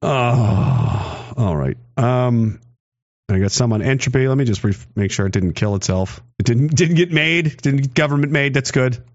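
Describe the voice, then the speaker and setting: A man's voice: medium pitch, lively intonation, normal speed, muffled recording. A man from Canada, rambling sarcastically and cursing while he talks on a livestream and answers chat. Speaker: streamer reading chat. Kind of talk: casual livestream commentary.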